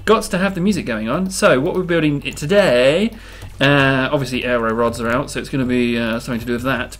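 A man's voice: mid-range voice, fast, fairly bright tone. A man hosting a game video, giving casual, self-amused commentary and thinking aloud as he builds.

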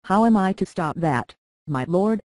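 A reader doing a booming, blustering lord. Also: expressive, measured pace, no echo, natural voice. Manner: complaining, forceful. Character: broad, blustering merchant-lord, booming and impatient.

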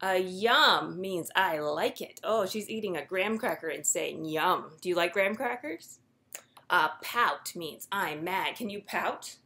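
A young woman, a children's librarian, reading a picture book aloud to little kids in a gentle, sing-song way and inviting them to join in. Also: lowish voice, animated, unhurried.

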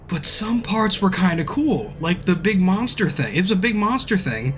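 A man streaming casually, rambling through a profane movie recap and acting out scenes in hushed asides. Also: on the high side.

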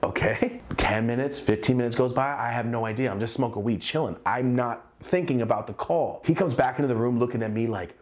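A man's voice: medium pitch, fairly quick. A young man telling a personal story in a casual vlog, swearing often and acting out the other voices in the story. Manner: profane, animated, acts out quoted voices.

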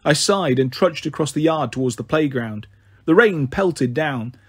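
A man narrating a children's novel in a steady, measured first-person reading. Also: fairly high pitch, breathy edge, dry recording, clean studio sound. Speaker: storyteller. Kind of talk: audiobook narration.

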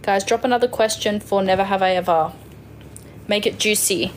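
A woman in her twenties from Western Australia, with an Australian accent, chats casually on a phone live stream and answers viewers' comments. Her voice is mid-range at a moderate pace, with background noise.

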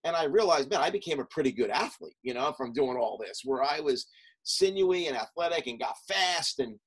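A middle-aged man, a coach appearing as a podcast guest, recounts stories from his past in a relaxed interview, packing in fillers and rattling off quick lists. His voice is fairly high, husky, and animated, captured on a rough recording.

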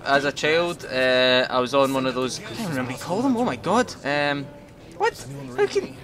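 A man's voice: mid-range voice, very animated, moderate pace, over music. A young man giving casual, jokey commentary while playing a video game, talking to his viewers. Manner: chatty, jokey, talks to viewers. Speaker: gaming commentator. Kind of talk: casual let's-play commentary.

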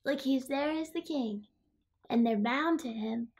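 A woman's voice: high voice, unhurried, a little mellow, breathy edge, exaggerated voice. A woman playing Pickles, a quirky childlike woman who says she was raised by wolves, reading a picture book aloud with chatty asides about herself in the third person. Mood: playful. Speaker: storyteller.

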